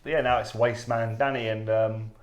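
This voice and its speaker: A man from West London with a London accent, a podcast guest telling animated stories and swearing casually. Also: fairly low pitch, normal speed, highs cut off. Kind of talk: casual chat. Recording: echoey room.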